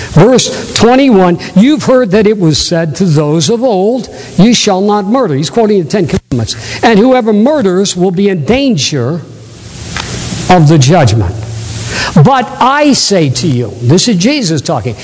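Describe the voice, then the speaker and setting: A man's voice: high voice, big pitch swings, unhurried, a little mellow, long reverb tail, poor audio. A male pastor preaching a sermon with exuberance, prompting the congregation to call back answers. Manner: exuberant, calls for audience responses. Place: church sanctuary.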